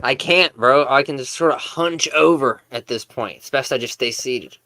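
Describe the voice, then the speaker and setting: A man's voice: mid-range voice, normal speed, bright, forceful tone. Sarcastic man commenting in disbelief. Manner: sarcastic, incredulous asides. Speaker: commentary video host.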